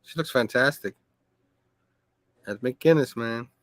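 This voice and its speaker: A man's voice: mid-range voice, takes it slowly, fairly bright tone, no room sound. A male podcast co-host casually chiming in with admiring comments about a comic. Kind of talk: casual chat.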